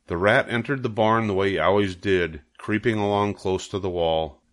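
An older man reads a children's chapter book aloud. His voice sits low and even, steady and unhurried as he narrates. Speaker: storybook reader.

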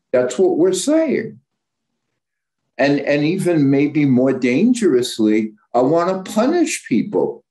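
A man with a slightly high, sing-song, mellow voice speaks slowly. He is a psychologist and guest speaker whose informal lecture is frank and blunt, marked by frequent stumbles and corrections.

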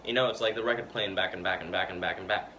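A man with a fairly low voice talks casually to his viewers. He stutters and repeats words as he rambles, with fillers and restarts between his thoughts. Steady background noise hisses under the recording. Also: fast. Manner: loose, chatty, full of fillers and restarts. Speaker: vlogger. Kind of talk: casual rambling talk to camera. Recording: noisy background hiss.

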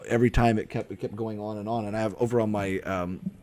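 Over crowd noise, a young man with a lowish, fairly even voice talks fast. He hosts a casual live stream, spinning rambling stories full of fillers, self-interruptions and restarts.

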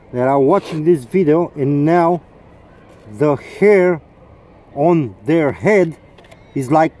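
A man mocks and swears his way through a sarcastic outdoor vlog rant. He speaks slowly in a fairly high but dark, mellow voice. Faint street noise sits underneath. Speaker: vlogger.

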